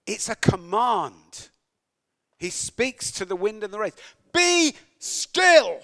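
A man's voice: high-pitched, slow pace, fairly bright tone. A man preaching a sermon, reading scripture aloud and breaking into conversational, wry asides and self-corrections.

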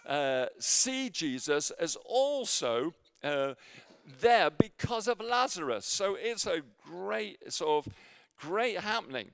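A man preaching a sermon with a personal story, halting with many fillers and restarts, sometimes dropping to near a whisper. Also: fairly high pitch, very animated, smooth, dry recording. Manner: drops to near whisper in quiet moments.

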